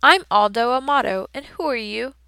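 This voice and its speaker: A woman voicing a jovial, booming male night janitor who talks in a loud, hearty, chatty way. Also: expressive, moderate pace, creaky, smooth, dry recording, heavily acted. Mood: jolly.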